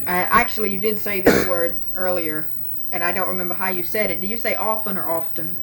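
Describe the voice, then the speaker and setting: In a dialect survey interview, a woman interviewer patiently prompts answers by beginning sentences and leaving them for the other person to complete. Her voice is lowish and fairly bright, with fairly even intonation and a fairly quick pace, on a low-quality recording.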